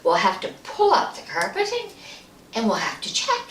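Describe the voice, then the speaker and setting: A woman doing a brisk, bossy lady of the house. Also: a little high, wildly swooping pitch, a bit bright, voice pushed up. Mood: commanding. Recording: roomy and distant, faint room noise.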